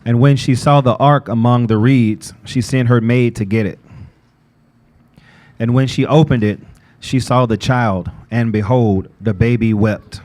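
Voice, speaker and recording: A man reading scripture passages aloud in a steady, even manner during a group lesson. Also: medium pitch, measured pace. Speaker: scripture reader.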